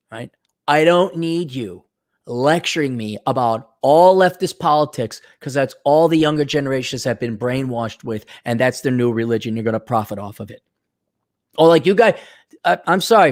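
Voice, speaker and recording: A blunt, sarcastic man from the Milwaukee area rants straight to camera in a casual vlog. His voice sits a little high for a man. He jumps between jokes, complaints and asides. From Milwaukee area, USA. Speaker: vlogger. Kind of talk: casual ranting monologue.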